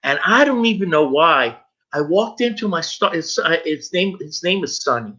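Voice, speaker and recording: A middle-aged man, a guest, telling his personal story with emotion, halting and repeating words as he goes. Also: on the high side, very animated, pushed and bright. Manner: halting, stumbles and repeats words when moved. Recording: dull lo-fi recording.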